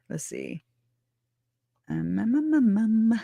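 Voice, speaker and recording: A woman's voice: medium pitch, sing-song, slow pace, gravelly, dark tone, dry recording, studio quality. A woman hosting a true crime livestream, talking bluntly and emotionally, often breaking into laughter as she reacts. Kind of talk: casual livestream commentary.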